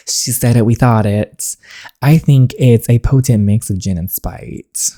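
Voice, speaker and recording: A woman's voice: extremely low pitch, expressive, a little slow, dark tone. A woman hosting a casual let's-play, chatting and reacting to a story game as she plays. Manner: chatty, talks to herself about the story. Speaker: gaming channel host.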